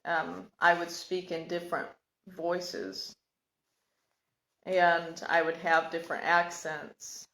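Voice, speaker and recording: A woman telling her own life story in a casual, reflective monologue, halting and searching for words. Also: on the low side, level tone, pushed and bright. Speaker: podcast host sharing personal story. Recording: echoey room.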